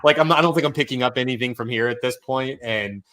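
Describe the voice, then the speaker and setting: A man's voice: medium pitch, fast talker, a bit bright. A man from the United States hosting a casual panel chat, talking loosely with many fillers and restarts. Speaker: podcast host.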